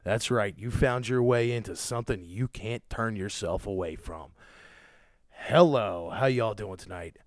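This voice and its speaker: Podcast host, man, low-voiced and furious, swears through a dry-sounding rant. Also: vocal fry, dry recording. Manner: loud, cursing, ranting, angry.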